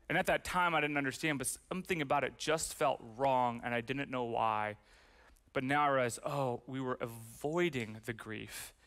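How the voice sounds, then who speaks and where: Young man, pastor; expressive sermon storyteller, quiet on the heavy parts. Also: mid-range voice. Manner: animated storyteller, drops soft and slow on grief. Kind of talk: sermon with personal stories. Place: church stage with audience.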